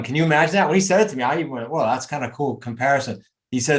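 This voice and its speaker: Emphatic motivational man coaching a group. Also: mid-range voice. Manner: emphatic, motivational, rapid asides. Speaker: real estate coach.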